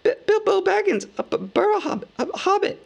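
A man voicing a small, terrified male hobbit who stammers and gasps in a high voice. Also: lively intonation, takes it slowly, vocal fry, highs cut off, exaggerated voice. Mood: frightened pleading. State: terrified, gasping.

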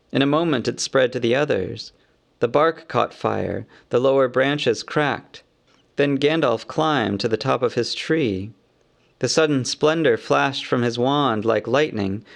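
A man narrating a fantasy audiobook in a measured, expressive storytelling manner. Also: medium pitch, gravelly.

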